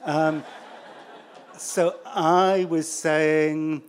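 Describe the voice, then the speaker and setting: An English man recounts a story in front of a live audience, dry and self-deprecating. His delivery is halting, sprinkled with ums and restarts, sitting at an ordinary middle pitch for a man. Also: slight background noise.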